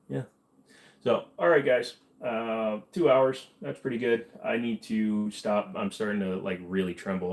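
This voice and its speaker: A man's voice: low-pitched, darkish tone. A man hosting a casual livestream, rambling and joking as he reads chat comments aloud and answers them.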